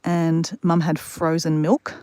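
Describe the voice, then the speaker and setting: Live-streaming outdoors in the bush beside water, a woman rambles through stories and talks straight to her chat viewers. Her voice is low-pitched, warm and level, slow in pace, with no room sound.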